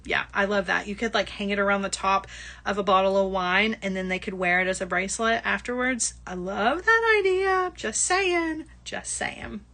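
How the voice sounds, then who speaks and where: A woman's voice: mid-range voice, moderate pace, bright, forceful tone. A middle-aged woman hosting a live craft-shopping stream, chatting casually and laughing often. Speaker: livestream shopping host. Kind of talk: casual live product chat.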